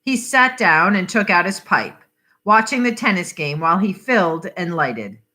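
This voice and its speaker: A woman reading a short story aloud for adult listeners, unhurried and expressive. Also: on the low side. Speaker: reader.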